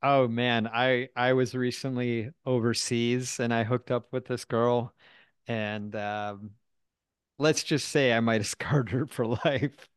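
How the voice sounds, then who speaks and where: A man speaks in a smooth, resonant voice, candid and rambling. He tells his stories casually and pokes fun at himself along the way. The sound is dry and close, with no room echo. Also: medium pitch, fairly even intonation, slow pace. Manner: frank, rambling, self-deprecating storyteller.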